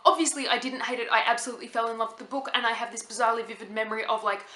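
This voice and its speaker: An Australian woman in her thirties, chatting fast and casually to her camera with plenty of "like". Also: fairly high pitch, steady tone, sharp tone, reverberant. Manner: fast-talking, chatty, lots of "like". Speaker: vlogger.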